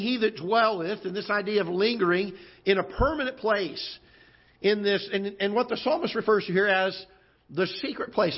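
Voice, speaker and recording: A man preaching a sermon as pastor, unhurried and folksy with many fillers, slowing down to read scripture. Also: sits high, slightly rough. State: occasional cough. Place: church auditorium. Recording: dull lo-fi church broadcast audio.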